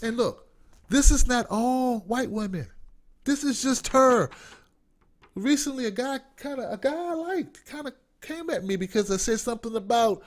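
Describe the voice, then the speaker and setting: A man's voice: very high voice, animated, normal speed. A man hosting an online show, ranting with sarcastic, profane commentary. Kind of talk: livestream commentary rant.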